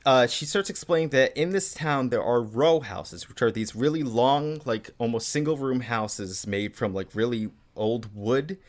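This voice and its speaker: Guy rambling thru a manga recap on a podcast, says like a lot, pretty average pitch. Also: measured pace, hardly any pauses. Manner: rambling, with many "like" fillers. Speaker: podcast co-host. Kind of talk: casual chat recapping a manga.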